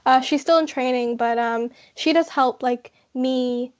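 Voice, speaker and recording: A young woman, a university student, answering interview questions in a hesitant, halting way. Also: sits high. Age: young adult. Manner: hesitant, halting with many pauses. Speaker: guest, university psychology student.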